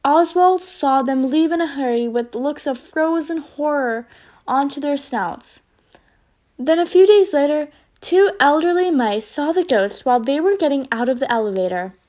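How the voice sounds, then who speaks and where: A woman reading a children's storybook aloud in an expressive, lively way. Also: high-pitched, moderate pace.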